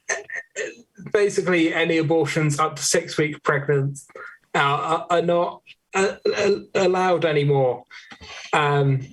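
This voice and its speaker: A man's voice: a little high, fairly bright tone, poor audio. A man hosting a live comedy panel show, stumbling over his words and mocking himself. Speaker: quiz show host.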